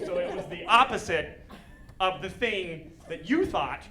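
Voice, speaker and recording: High-pitched animated male stand-up comic. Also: fairly quick. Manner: animated, bursts into shouted punchlines. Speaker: stand-up comedian. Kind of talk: stand-up comedy set. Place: comedy club stage. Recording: live show with audience laughter. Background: crowd laughing.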